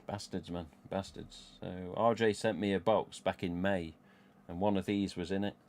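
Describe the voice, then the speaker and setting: Rambling and swearing freely, a middle-aged Englishman with a Midlands accent chats casually as a livestream host. His deep, slightly mellow voice holds fairly even intonation at normal speed.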